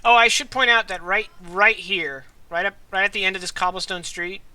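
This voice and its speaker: A man narrating as game master of a tabletop game, describing scenes in a lively, chatty way with fillers. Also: high voice, a little fast.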